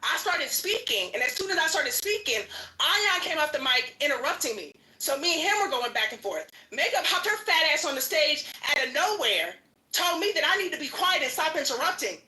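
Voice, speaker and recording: A woman's voice: sits high, big pitch swings, a little fast, sharp tone, roomy sound. A woman arguing in an audio chat room, profane and combative, hurling insults. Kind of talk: heated argument. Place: home gym.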